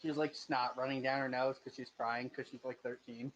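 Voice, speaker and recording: A man's voice: mid-range voice, little pitch movement, normal speed. A man in his twenties narrating a tabletop game as game master, casual and joking, often stumbling over his words. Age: 20s. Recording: dull lo-fi voice chat audio.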